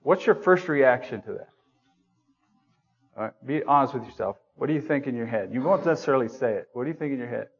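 A man delivers a sermon in a church room at a middle pitch, speaking like he is talking with friends. He keeps asking the congregation questions and pokes fun at himself. The recording sounds somewhat dull and muffled. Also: expressive, quick pace, slightly rough. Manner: self-deprecating humor. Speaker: preacher.

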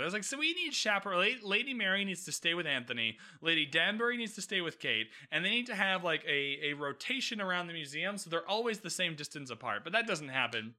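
A man hosting a casual solo podcast recap, animated and sarcastic, swearing freely and laughing often. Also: sits high, fast talker, few pauses. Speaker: podcast host recapping a TV episode.

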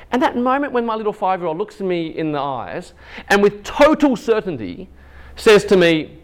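A man in his thirties with a high voice delivers a chapel sermon as a lively personal story. He acts out each quoted voice, pitching up for them. His talk comes in short, loose phrases. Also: brisk. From Asian heritage. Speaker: chapel speaker.

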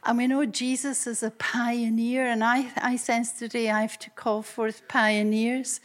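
Woman preaching with animated storytelling. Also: fairly high pitch, a little slow, hardly any pauses. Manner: animated and breathy, laughing often. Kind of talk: storytelling sermon.

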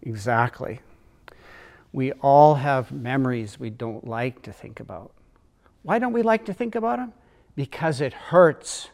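A man's voice: medium pitch, animated, measured pace, creaky, darkish tone. A man explaining emotional memory and trauma, earnest and storytelling. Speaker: teacher.

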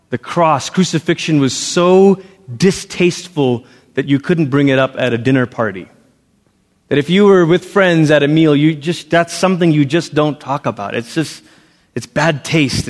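A man preaching a sermon as pastor, swinging between loud emphatic lines and hushed ones. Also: fairly high pitch. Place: church sanctuary. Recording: long reverb of a large hall.

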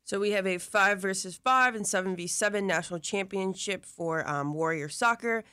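A woman's voice: mid-range voice, moderate pace, sharp tone, clean tone, no room sound. A woman co-hosting a sports talk show who also coaches a girls' youth soccer team, talking eagerly about games. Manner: enthusiastic, argumentative about spelling. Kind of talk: casual studio chat.

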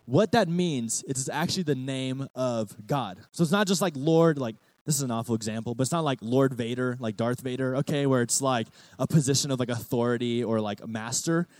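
A man preaching a casual youth sermon, reading scripture aloud in a lively, chatty way and calling on the students to repeat words back. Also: medium pitch, no echo. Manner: lively, chatty, many "like" fillers, calls for audience repeats. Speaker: youth pastor.

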